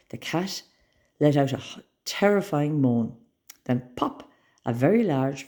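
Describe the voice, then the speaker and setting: Gravelly woman reading a children's story. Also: very deep voice. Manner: expressive, dramatic storytelling.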